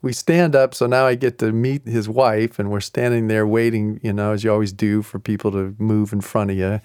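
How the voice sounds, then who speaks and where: A man's voice: lowish voice, little pitch movement, moderate pace, darkish tone, clear, resonant tone, no echo, clean studio sound. A middle-aged man telling a personal story in a casual way, chuckling often and acting out the other people's lines. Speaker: speaker sharing a personal story.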